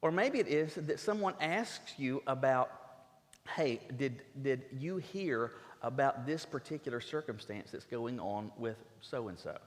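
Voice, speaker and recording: A man preaching a sermon as a pastor, emphatic and earnest, often stumbling into quick restarts as he drives his points home. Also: medium pitch, lively intonation. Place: church sanctuary. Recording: long reverb of a church sanctuary.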